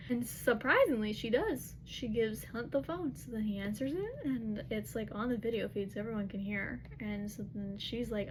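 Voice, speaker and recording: A woman's voice: on the high side, normal speed, few pauses, noisy background. Chatty young woman recapping a book. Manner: chatty, with frequent "like" fillers.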